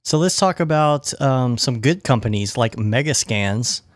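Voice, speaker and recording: A man's voice: mid-range voice, animated, a little slow, no echo, studio quality. A man co-hosting a podcast, chatting casually and joking with frequent restarts. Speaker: podcast co-host. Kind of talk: casual chat.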